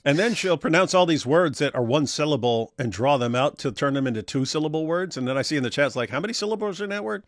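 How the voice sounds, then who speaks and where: A man in an easygoing livestream chat, riffing and laughing as he reads out viewer comments, now and then slipping into silly voices. His voice sits at an ordinary middle pitch. The sound is dry and close, with no room echo. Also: quick pace, few pauses. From Australia. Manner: joking, animated, reads comments aloud in put-on voices. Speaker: co-host reading live chat.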